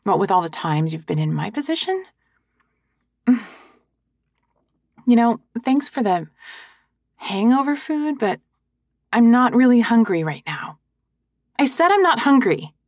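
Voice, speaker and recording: A sheepish, hungover young woman, as a woman acts her out in a listener-directed audio role-play, slow and halting with nervous little laughs. Her voice is husky and gravelly, recorded dry and close. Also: a little high, big pitch swings, no room sound, exaggerated voice. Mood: gloomy. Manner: self-deprecating, halting, breathy laughs. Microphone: sensitive close microphone.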